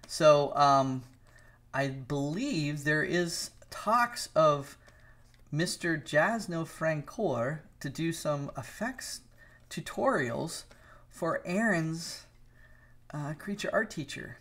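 A middle-aged man's voice, a little high, slow and fairly bright, carries his casual livestream chatter as he draws. He's an animator who rambles, greets viewers by name, and teases them.

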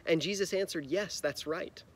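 A man's voice: a little high, normal speed, husky. A man teaching a children's church lesson, retelling a Bible story simply and asking the kids questions. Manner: friendly, explains simply and asks kids questions.

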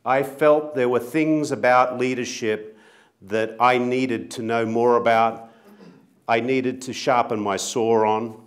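A middle-aged Australian man giving an earnest, gently self-mocking speech to an audience as a company chief executive. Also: mid-range voice, fairly even intonation, slow pace. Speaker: company CEO speaker.

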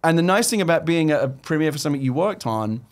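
Excitable man telling stories. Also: on the high side, quick pace. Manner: excited storytelling with many restarts. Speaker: guest screenwriter. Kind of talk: casual chat.

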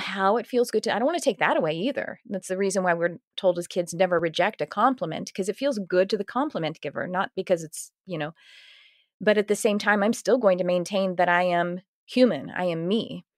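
A woman hosting a podcast, telling stories in a lively, laughing way with lots of restarts. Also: medium pitch, dry recording, studio quality. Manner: animated storytelling, laughing often, self-interrupting restarts. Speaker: podcast host. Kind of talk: casual conversational interview.

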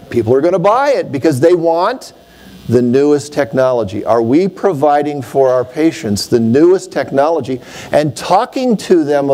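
A middle-aged man, an optometrist, giving an animated conference talk and telling stories to make his points. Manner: animated storyteller, swings pitch for emphasis.

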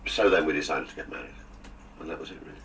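A man's voice: very deep voice, fast talker, vocal fry, a bit bright, distant mic, slight background noise, poor audio. An older man, a guest on a radio interview, reminiscing with jokes and theatrical asides. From England. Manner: jokey, theatrical storyteller with asides.

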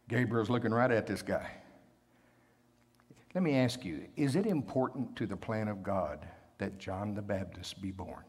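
Man preaching in a church sanctuary; husky tone, scripture readings with quick joking asides. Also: mid-range voice, darkish tone. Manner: reads scripture aloud, then makes joking asides. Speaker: pastor. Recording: long reverb of a church hall.

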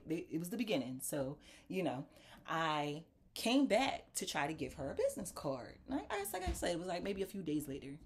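Lowish-voiced woman telling a story. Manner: animated, acts out quoted voices; talks straight to viewers as "y'all". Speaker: talk show host. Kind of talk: casual storytelling monologue.

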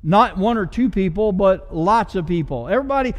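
A man preaching a passionate sermon as pastor, mixing loud swells with conversational asides. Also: high-pitched, expressive, brisk, in a large hall.

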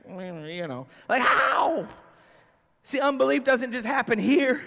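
A man's voice: extremely high pitch, very animated, normal speed, vocal fry, sharp tone, big-room sound. A man preaching a sermon as pastor, conversational and emphatic, often acting out how people would react. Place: church sanctuary.

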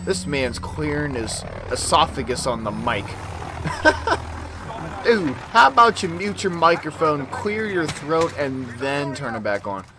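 Man gaming youtuber, lively swinging pitch, slang-heavy trash talk, loud gunfire behind. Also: slow, background noise. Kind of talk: casual gameplay commentary. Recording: game gunfire loud in background.

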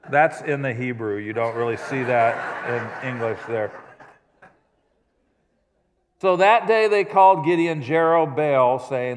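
A pastor preaching a sermon in a church, telling stories in a conversational, self-deprecating way. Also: male voice, fairly high pitch, a little slow. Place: church sanctuary. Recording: long reverb of a large church hall.

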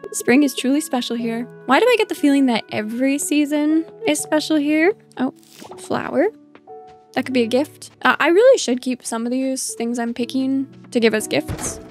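A woman giving casual, playful commentary while playing a farming game, chatty and easily delighted. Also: high voice. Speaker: let's play host.

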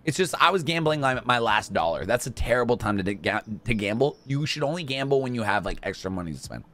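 A young man giving casual gameplay commentary, talking to himself and to in-game customers, swinging from mumbles to shouts. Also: mid-range voice, sing-song, fast talker. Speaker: gaming YouTuber.

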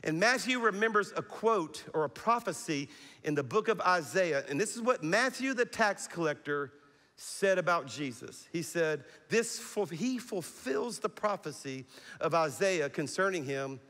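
A middle-aged male pastor preaches with an animated delivery, pulling the congregation into call-and-response. His voice sits a little high for a man, and it carries through the long reverb of a large church hall. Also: measured pace. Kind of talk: sermon.

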